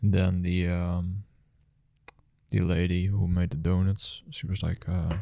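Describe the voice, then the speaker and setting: Low, gravelly man telling a rambling story. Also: flat delivery, measured pace, dark tone, no echo. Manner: rambling and hesitant, many fillers and restarts. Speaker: food delivery rider. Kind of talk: casual storytelling monologue.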